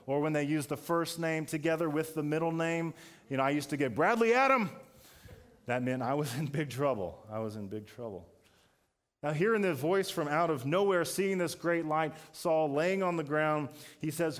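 A male pastor with a mid-range voice tells a story during his sermon, speaking conversationally and building to emphatic peaks.

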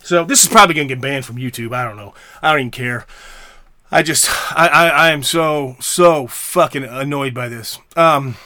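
A middle-aged podcast host delivers an angry solo rant in a pushed, bright, mid-range voice at a moderate pace, with no room sound. Heated and profane, he swears heavily and keeps stammering and restarting his sentences.

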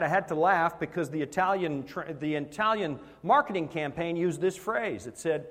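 A man's voice: a little high, lively intonation, normal speed, fairly bright tone. A man preaching a sermon, telling a story with animation and laughing at himself along the way. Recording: hall with long reverb.

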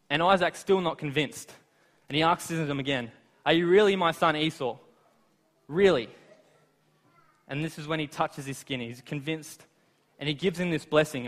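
A man preaching a sermon, retelling scripture in lively everyday words with asides to the listeners. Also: fairly high pitch. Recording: long reverb of a large hall.

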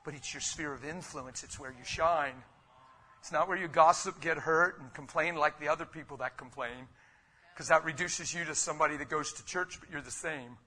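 A man preaching a sermon in a conversational, rhetorical way, with sudden loud bursts. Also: a little high, moderate pace. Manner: conversational, calls listeners "man" and "guys". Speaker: pastor.

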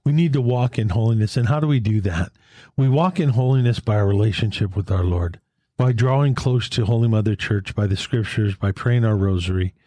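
A man's voice: fairly low pitch, fairly quick, no echo, studio quality. A man who leads a Catholic men's fellowship, sharing faith and retelling a roadside story with earnest conviction. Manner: earnest testimony, retelling dialogue in a lively back-and-forth.

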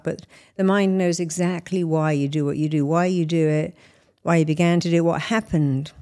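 A woman's voice: low-pitched, steady tone, moderate pace, dark tone. A middle-aged woman therapist answering interview questions, explaining her method through examples and analogies. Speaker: therapist and hypnotist guest.

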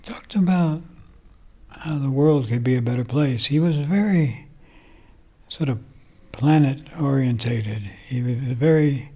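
A man's voice: medium pitch, a little slow, warm tone. An older man, a songwriter, reflecting at length in a casual interview, rambling with fillers. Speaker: songwriter guest.

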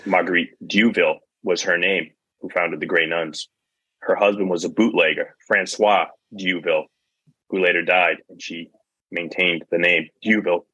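Deep husky man with many ums. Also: fairly even intonation, moderate pace, bright, forceful tone, no room sound, lo-fi sound. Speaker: physical therapist, show regular. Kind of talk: casual podcast chat.

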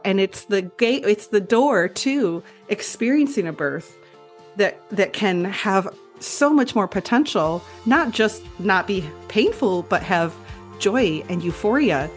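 A woman guest on a podcast interview who speaks as a birth educator, earnest and flowing, with many filler likes. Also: mid-range voice.

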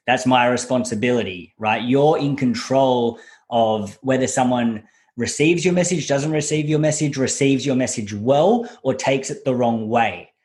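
A man's voice: medium pitch, normal speed, a little mellow. Earnest man on a podcast. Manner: earnest, explaining. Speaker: podcast co-host. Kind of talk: casual podcast chat.

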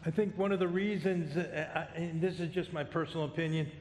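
Middle-aged male pastor, high voice, joking, conversational sermon, echoey hall. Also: steady tone, a little fast, a little mellow. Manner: conversational, self-deprecating humor.

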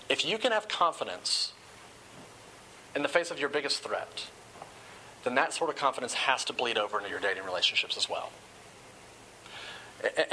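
A man's voice: on the high side, sharp tone, slight background noise, poor audio. A man preaching a sermon to a live audience in a room, earnest and conversational, with casual asides.

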